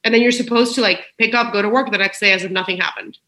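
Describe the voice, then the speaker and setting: A woman's voice: medium pitch, steady tone, quick pace, bright, forceful tone. A woman speaking as a podcast guest in a frank, emotional, personal conversation, swearing freely. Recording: roomy echo.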